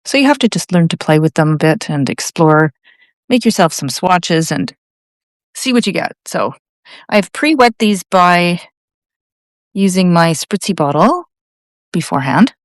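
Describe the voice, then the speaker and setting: A woman's voice: on the low side, very animated, measured pace, pauses often, no echo, clean studio sound. A middle-aged Canadian woman giving a real-time painting lesson, chatting and thinking aloud with enthusiasm. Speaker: art tutor.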